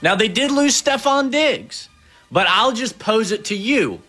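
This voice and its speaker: A male sports talk host with a bright, fairly high voice that swings widely in pitch. He chats casually and puts questions to his co-host. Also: animated, measured pace, faint music behind. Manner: conversational, posing questions. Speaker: show host.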